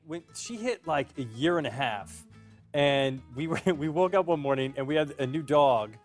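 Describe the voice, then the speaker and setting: A man telling an animated family story as a talk show guest. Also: on the high side, moderate pace, faint music behind. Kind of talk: casual anecdote.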